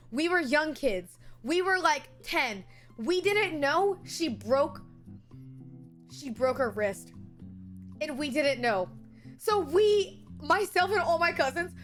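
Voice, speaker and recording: A young woman streaming, chatting casually with viewers and telling stories in an animated, incredulous way. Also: high-pitched. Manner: animated storytelling, incredulous rants.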